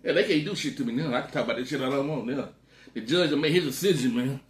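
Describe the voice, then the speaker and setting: A man's voice: medium pitch, quick pace. Slangy man in a roomy echo. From Texas. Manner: slangy, laid-back drawl, frequent exclamations. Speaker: vlogger. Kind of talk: casual storytelling while eating.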